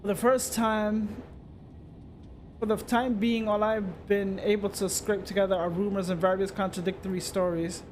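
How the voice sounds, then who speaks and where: High-voiced man reading a story game. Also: normal speed, slight background noise. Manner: steady reading with small slips and restarts. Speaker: streamer.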